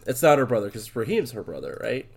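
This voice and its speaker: A man's voice: mid-range voice, big pitch swings, fast, vocal fry, slightly rough. A man chatting casually about a video game, rambling with lots of fillers and restarts and swearing freely.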